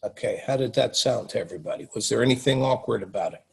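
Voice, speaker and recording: A man's voice: medium pitch, quick pace, gravelly, a little mellow, husky. A man teaching copywriting on a group call, talking conversationally and often checking in with his listeners. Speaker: copywriting coach. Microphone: call audio.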